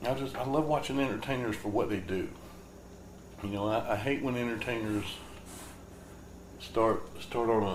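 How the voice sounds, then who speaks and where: A man hosting a podcast, rambling through a laid-back, jokey monologue. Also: on the low side. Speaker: podcast host. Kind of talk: casual comedic monologue. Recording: roomy echo with faint background noise.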